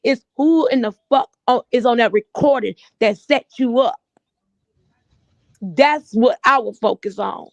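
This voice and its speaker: A woman's voice: fairly high pitch, measured pace, gravelly, no room sound, highs cut off. Blunt cussing woman on a panel. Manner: blunt, profane, emphatic. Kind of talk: heated casual panel chat.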